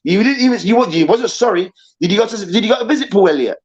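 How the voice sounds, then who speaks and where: A man's voice: sits high, lively intonation, fast talker. A man hosting a football debate show, ranting angrily and profanely and hammering his points with repetition. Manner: angry, profane, emphatic repetition. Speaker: host. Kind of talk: heated football debate rant. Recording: dull lo-fi sound.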